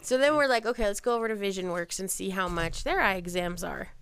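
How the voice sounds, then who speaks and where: A woman's voice: medium pitch, fast, smooth, no room sound. A woman hosting a casual podcast chat, telling chatty stories and acting out the people in them. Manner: chatty storyteller, animated retellings. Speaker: podcast host.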